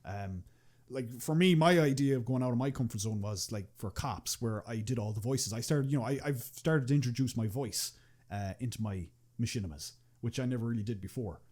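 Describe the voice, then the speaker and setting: Speaking a little fast at medium pitch, a young man from Ireland talks with a darkish tone as a podcast guest. He makes machinima, and his casual chat is full of restarts, fillers and free swearing.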